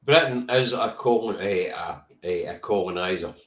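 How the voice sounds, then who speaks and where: A man's voice: low voice, moderate pace. A man with a Scottish accent hosting a casual live stream, blunt and sweary, answering viewers' comments by name. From Scotland. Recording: roomy echo.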